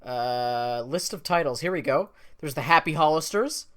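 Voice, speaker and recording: Wry podcast co-host. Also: male voice, fairly high pitch, lively intonation, moderate pace, a bit bright. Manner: wry, enthusiastic while reading out lists. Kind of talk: casual chat.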